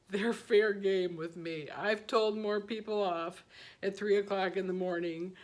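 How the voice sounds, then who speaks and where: A woman in her sixties chatting casually on her vlog, self-deprecating and quick to laugh at herself, telling stories with playful asides. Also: low voice. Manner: warm storytelling with playful asides. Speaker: beauty vlogger. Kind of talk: casual personal vlog chat.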